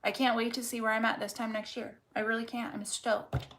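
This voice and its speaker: Talking directly to the viewer, this woman gives a casual tarot reading that's candid and full of profanity, repeating phrases emphatically to make her point. Her voice is a little high with little pitch movement and a brisk pace. Heavy background noise runs underneath.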